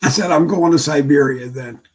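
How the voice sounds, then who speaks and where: A man's voice: fairly high pitch, normal speed, background noise. A man hosting a morning broadcast who makes wry, rambling asides in casual chat. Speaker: radio show host.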